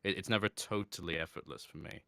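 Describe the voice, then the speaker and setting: A man, a voice actor chatting in an interview, reflective and quick to laugh. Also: deep voice, vocal fry, bright, forceful tone, no room sound, clean studio sound. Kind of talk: casual interview talk.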